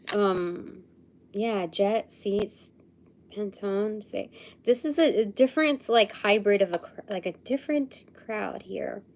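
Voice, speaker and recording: Slow, musing woman thinking aloud. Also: mid-range voice, darkish tone. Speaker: livestream host. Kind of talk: live intuitive channeling session.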